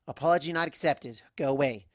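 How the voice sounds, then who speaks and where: A man doing a giddy high unicorn girl. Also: a little fast, dry recording, studio quality, lightly acted. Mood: stern. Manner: gushing, bouncy and excitable. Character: giddy young female unicorn scholar. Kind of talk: fanfic audiobook reading.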